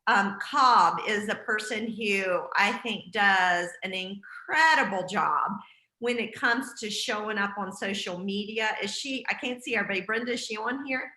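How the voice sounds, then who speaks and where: Bright-voiced woman leading a team call. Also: mid-range voice, moderate pace, roomy sound, rough recording. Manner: encouraging, with frequent fillers. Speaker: team leader hosting a group call. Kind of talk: casual group call talk. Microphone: video call.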